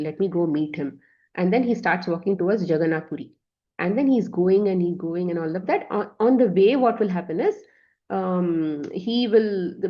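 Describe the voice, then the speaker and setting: A woman recounts a devotional story for her class, voicing each character with animated shifts. Her voice sits on the low side, and the recording sounds dull and lo-fi. She talks with frequent fillers and restarts. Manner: many fillers and self-corrections. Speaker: spiritual class teacher. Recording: dull lo-fi audio.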